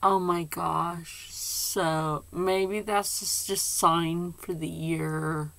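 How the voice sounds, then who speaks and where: An older woman chatting casually to camera as a channel host. She rambles softly, often slides into a half-whisper, and gets emotional and tearful at times. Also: fairly low pitch, steady tone, extremely slow, vocal fry.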